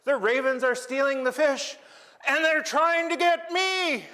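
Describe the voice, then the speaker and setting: A man voicing a tiny eyeball creature servant, calling out in a high, anxious squeak. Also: fairly even intonation, measured pace, bright, forceful tone, long reverb tail, full character voice. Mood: panicked.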